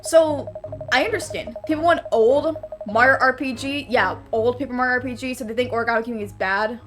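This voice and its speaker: A chatty, opinionated woman streaming a game, her fairly high voice rambling with plenty of "like" fillers. She talks off the cuff in a relaxed way. Game music plays steadily behind her. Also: brisk. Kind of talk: casual game stream commentary.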